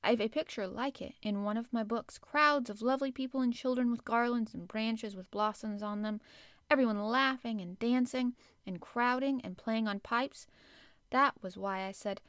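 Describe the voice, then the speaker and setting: A woman's voice: a little high, moderate pace, fairly bright tone, no echo, studio quality, natural voice. A woman voicing a lordly, commanding young boy who is sickly and dreamy.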